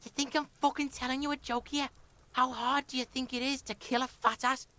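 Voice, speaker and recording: A woman's voice: sits high, level tone, fairly quick, bright, forceful tone. A woman voicing a swaggering, crude young boy in a video game who talks about himself in the third person. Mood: cocky. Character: foul-mouthed, cocky young boy.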